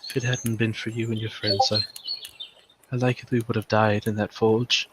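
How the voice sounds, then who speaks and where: A man voicing a frail, pale young sylph woman who softly and haltingly whispers her thanks in a whispered role-play. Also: fairly low pitch, little pitch movement, heavy background noise, close to an everyday voice. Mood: whispered gratitude. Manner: soft, hesitant, halting.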